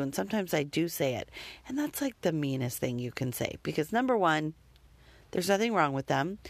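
A woman's voice: fairly low pitch, no room sound. A woman talking candidly about parenting in a rambling, self-critical monologue with the odd curse word. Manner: rambling, self-deprecating, occasionally profane.

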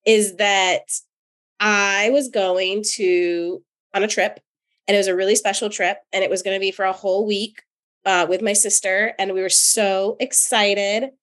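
A woman from North Carolina co-hosting a podcast as a therapist, telling personal stories in an animated, chatty way with frequent laughter. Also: mid-range voice, measured pace. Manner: animated, laughs often, chatty with many fillers. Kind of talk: casual chat and personal storytelling.

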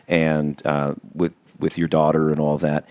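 A man's voice: extremely low pitch, flat delivery, measured pace, a little mellow, no room sound. A man hosting an interview in an easygoing, loose, self-deprecating way. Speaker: host. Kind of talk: conversational interview.

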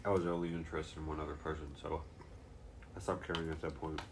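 Very low-voiced young man telling a story. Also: level tone, fast talker, noisy background. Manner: swearing, laughing storyteller. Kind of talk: casual chat.

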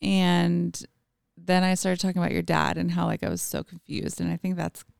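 A woman's voice: fairly low pitch, little pitch movement, moderate pace, gravelly, darkish tone, dry recording, clean studio sound. A woman, a mother, telling a personal story in casual podcast talk, full of fillers and acted-out quotes. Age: adult with children. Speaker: podcast guest. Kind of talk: casual conversation.

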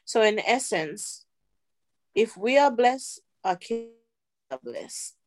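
A middle-aged woman sharing a personal testimony as a podcast guest, earnest and unhurried with pauses. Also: on the high side, expressive, darkish tone. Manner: earnest, slow storytelling with pauses.

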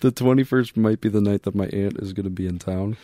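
A man's voice: on the low side, fast talker, crowd noise. A young man co-hosting a podcast, trading casual comedic banter and laughing often. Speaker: podcast co-host.

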